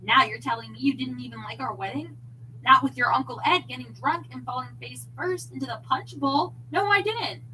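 A woman's voice: sits high, moderate pace, pushed and bright, distant mic, a little hiss or hum, pitched above the performer's own voice, poor audio. A woman reading the part of a defensive older husband, blustering through a marital spat.

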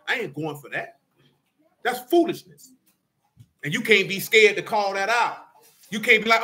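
A man leading a Bible study in a folksy, animated preaching style, quizzing his listeners and calling them "boy" and "man". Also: high-pitched, fairly quick.

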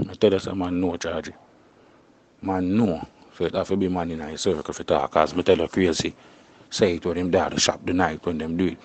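A man's voice: low-pitched, darkish tone, a little hiss or hum. A young Jamaican man speaking in patois in a casual interview, tagging his phrases with "you see me" and "you know".

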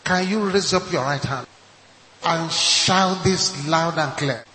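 A man's voice: fairly high pitch, slow pace, sharp tone. A Nigerian man preaching a sermon as pastor, emphatic and repeating his key points. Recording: echoey hall with long reverb.

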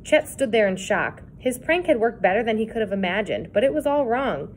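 Woman narrator, read-aloud kids' book, expressive. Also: a little high, brisk, a little hiss or hum. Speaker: reader.

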